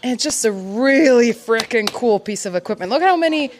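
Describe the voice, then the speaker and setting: A woman's voice: fairly high pitch, expressive, fairly quick, slight background noise. A woman acting as a riding instructor, enthusiastically explaining horse equipment step by step. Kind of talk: explanatory casual chat.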